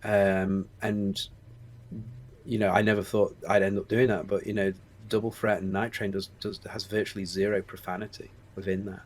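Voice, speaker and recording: With a low, darkish voice and flat delivery at a moderate pace, a Stoke-on-Trent man in his forties reflects openly in an interview. This English screenwriter and producer hesitates and restarts his thoughts many times.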